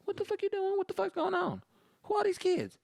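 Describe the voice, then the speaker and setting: A man putting on a shrill fed-up mother. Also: animated, fairly quick, vocal fry, dry recording, studio quality, heavily acted. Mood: yelling. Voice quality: shrill and cussing. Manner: yelling threats. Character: loud, fed-up mother scolding kids.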